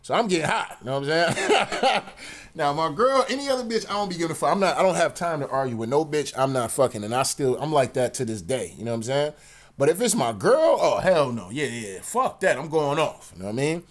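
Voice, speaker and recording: A man's voice: fairly high pitch, sing-song, brisk. A man telling a personal story in a slang-heavy, profane rant, peppered with "you know what I'm saying". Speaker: commentary channel host.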